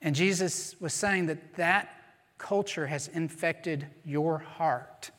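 A man's voice: fairly high pitch, slow, a bit bright. A man preaching a sermon in a church, speaking earnestly and repeating phrases for emphasis. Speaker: pastor. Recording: long hall reverb.

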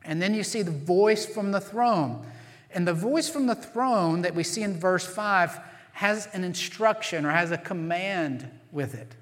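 A man's voice: high-pitched, animated, a bit bright. Man preaching in a reverberant hall. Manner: earnest, emphatic preaching with slow stressed phrases. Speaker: pastor. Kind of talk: sermon. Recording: long reverb of a large hall.

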